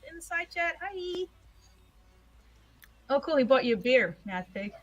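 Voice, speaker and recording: A woman's voice: sits high, very animated, unhurried, muffled recording. A woman from the American South chatting casually on a livestream as co-host, laughing easily.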